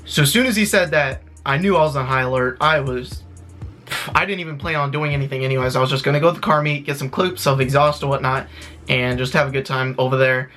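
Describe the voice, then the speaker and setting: A man vlogging to his viewers, retelling a tense story in an excited, rushed way with lots of fillers and restarts. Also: medium pitch, soft background music. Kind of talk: casual storytelling to camera.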